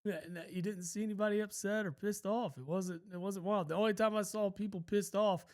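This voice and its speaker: A man's voice: high voice, steady tone, brisk, darkish tone. A man co-hosting a podcast, telling a long story in a laid-back, rambling way and swearing freely. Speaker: podcast co-host. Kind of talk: casual storytelling chat.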